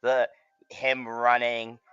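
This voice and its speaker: A man hosting a movie watch-along, chatting casually and excitedly, swearing often and laughing as he reacts. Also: medium pitch, slow pace, clear, resonant tone, no room sound, lo-fi sound. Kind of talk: casual chat, reacting to a film.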